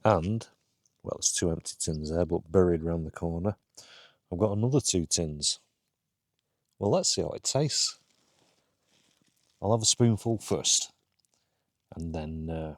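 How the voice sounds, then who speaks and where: A man's voice: deep voice, a little slow, pauses often, no echo, studio quality. A man, talking casually to camera while wild camping on a hill, chatty and rambling with lots of fillers. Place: outdoors on a hill, later inside a tent.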